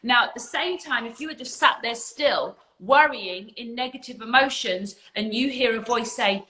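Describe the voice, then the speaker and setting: A woman leads a livestream spiritual talk in an earnest, emphatic way, with casual swearing thrown in. Her voice is bright and sits a little high. She speaks into a phone mic. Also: normal speed, few pauses, low-quality recording. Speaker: spiritual coach and community leader.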